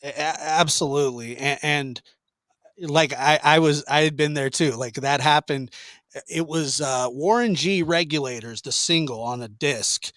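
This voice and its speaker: Male podcast host, lively storyteller with a slightly high voice, dry close sound. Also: normal speed, no room sound. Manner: animated storyteller, acts out voices, laughs often. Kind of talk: casual chat.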